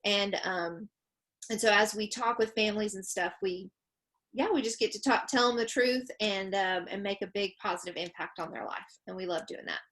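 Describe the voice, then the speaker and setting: A woman's voice: medium pitch, moderate pace, fairly bright tone. A woman co-hosting a webinar from home over a video call, upbeat and chatty, with frequent ums and laughs. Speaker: webinar co-host. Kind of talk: casual presentation.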